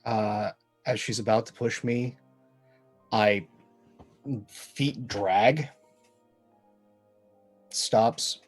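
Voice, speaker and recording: A man describes his character's actions in a tabletop game, slow and hesitant with fillers. His voice is a touch low and unhurried. Faint music runs underneath. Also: fairly even intonation. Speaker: player. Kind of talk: tabletop role-play.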